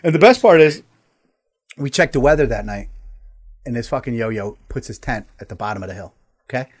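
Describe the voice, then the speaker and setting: A man's voice: medium pitch, lively intonation, brisk. A man hosting a casual talk show, telling a long, profane story and laughing as he goes. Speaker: podcast host.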